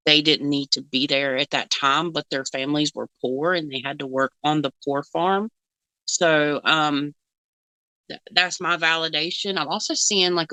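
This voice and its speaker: A woman's voice: low voice, pushed and bright, clear, resonant tone, dry recording, low-quality recording. A woman co-hosting a casual reaction chat as a psychic, rambling with fillers and frequent giggles. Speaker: psychic co-host.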